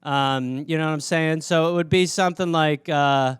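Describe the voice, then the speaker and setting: A comedian from Wisconsin, USA, with an American Midwestern accent, hosts a casual solo chat answering fan questions in a rambling, profane, self-mocking way. His voice is fairly high, clear and resonant, steady in tone and at a moderate pace, recorded in studio quality with no echo.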